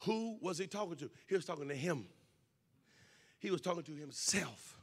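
A man preaching a sermon, shouting in a sing-song cadence with "uh" breaths between phrases. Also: a little high, expressive, moderate pace, no room sound.

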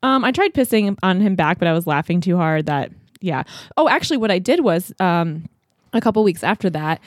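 A woman's voice: on the low side, lively intonation, fairly quick, no echo, studio quality. A woman co-hosting a podcast, chatting playfully and bawdily with frequent laughter. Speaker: podcast co-host. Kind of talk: casual chat.

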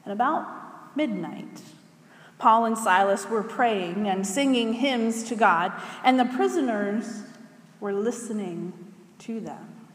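A woman preacher reading scripture aloud and then preaching in a measured way, asking her listeners questions. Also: fairly high pitch, lively intonation. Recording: echoey hall with long reverb.

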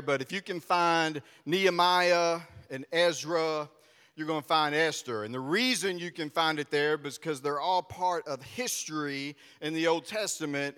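Animated preacher in an echoing church. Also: male voice, on the high side, clear, resonant tone. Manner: animated, conversational, addresses congregation directly. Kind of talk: sermon. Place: church sanctuary. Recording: long reverb of a large hall.

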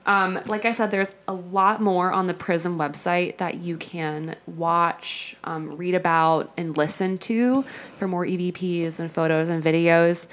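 A woman's voice: lowish voice, steady tone, a little slow. A young woman co-hosting a casual paranormal podcast who reads case notes aloud and then chats about them. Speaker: podcast co-host.

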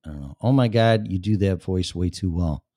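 Blunt, sarcastic man with a low voice. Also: animated, fairly quick, warm tone, dry recording, studio quality. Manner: blunt, sarcastic, swears freely. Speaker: talk show host. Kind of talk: casual solo show, reading chat aloud.

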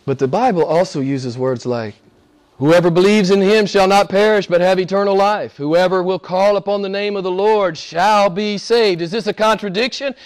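A man preaching a sermon in a church as pastor, emphatic, asking rhetorical questions and swinging between hushed and forceful delivery. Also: sits high, normal speed.

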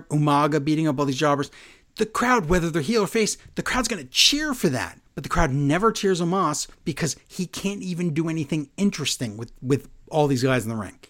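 A man co-hosting a casual wrestling recap, sarcastic and animated, laughing often as he talks. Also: a little high. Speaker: podcast co-host.

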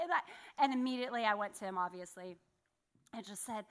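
A woman's voice: sits high, sing-song, fast. A woman giving a sermon, telling a personal story in a candid, self-deprecating way with laughs. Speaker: church speaker.

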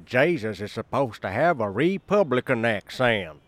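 A man's voice: mid-range voice, sing-song, moderate pace, no echo, close to an everyday voice. A man voicing a dim, blustering rural character.

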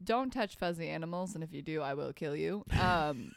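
A woman's voice: low voice, expressive, normal speed, gravelly, no room sound, studio quality. A young woman co-hosting and editing a casual true-crime podcast, scattered and jokey, swearing freely. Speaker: podcast co-host and editor.

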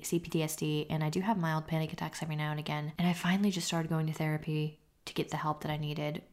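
A young woman hosting her own podcast, talking openly and casually about her life, with the odd swear word. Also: low voice. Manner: open, confessional, casual with swearing. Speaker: podcast host. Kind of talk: candid solo podcast talk.

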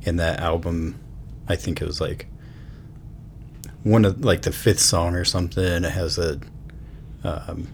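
A man co-hosting a casual podcast, telling stories in a relaxed way with lots of fillers. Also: deep voice, gravelly, a little hiss or hum. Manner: relaxed, drawn-out storytelling with fillers. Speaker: podcast co-host. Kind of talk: casual chat.

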